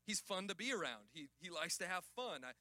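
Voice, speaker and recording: A pastor preaching to his church, his voice high and bright. He drops low and quiet for stories, then climbs to loud, shouted calls. The sound is dry and close. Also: sing-song, a little fast, dry recording. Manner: preaching, builds to shouted emphasis. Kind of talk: sermon.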